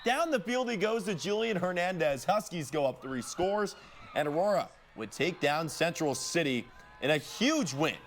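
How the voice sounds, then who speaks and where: A man co-anchoring a high school football highlights show, calling plays with energetic, joking punch. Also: moderate pace, slight background noise. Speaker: sports news co-anchor.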